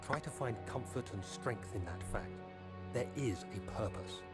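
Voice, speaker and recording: A man's voice: mid-range voice, expressive, moderate pace, over loud music, natural voice. A man playing a grave man's farewell message. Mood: solemn. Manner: solemn, urgent.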